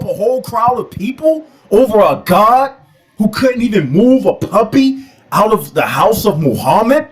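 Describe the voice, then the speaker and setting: Mocking man preaching in a high voice. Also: expressive, measured pace. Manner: mocking, rhetorical questions. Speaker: religion critic. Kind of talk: preaching rant.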